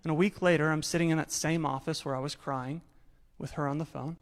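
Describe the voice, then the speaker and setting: In a low-quality recording, a man in his late twenties or thirties tells his own survival story on stage, his voice a little high, steady in tone, and fairly quick. He's candid and self-deprecating, acting out the dialogue.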